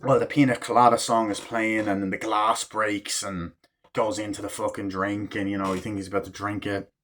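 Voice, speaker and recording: A man's voice: fairly low pitch, normal speed, slight background noise. A man giving a casual spoken movie review, swearing freely and acting out the characters' lines as he retells the scenes. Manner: excitable, profane retelling that acts out character quotes.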